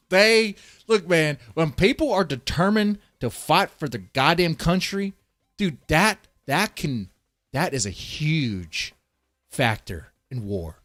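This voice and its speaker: A man's voice: fairly high pitch, very animated, slow pace, fairly bright tone, no room sound, studio quality. A man streaming live, rambling through casual, profane commentary and talking straight to his chat. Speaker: streamer reacting to a video.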